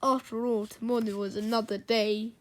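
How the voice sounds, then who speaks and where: A woman reading a children's storybook aloud, in a gentle read-aloud manner. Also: a little high, level tone, moderate pace.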